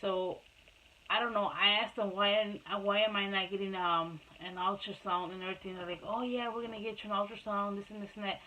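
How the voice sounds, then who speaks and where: A woman's voice: medium pitch, level tone, brisk, pushed and bright, slight background noise, low-quality recording. A woman and mother telling her own life story to camera in a casual, rambling way, repeating herself and restarting often. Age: adult mother.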